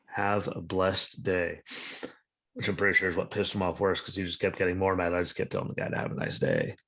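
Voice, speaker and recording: Gravelly, tired-sounding male podcast host. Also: low voice, wildly swooping pitch, rapid-fire, a bit bright. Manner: blunt, sarcastic, profane, rambling. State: sleep-deprived. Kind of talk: casual political chat.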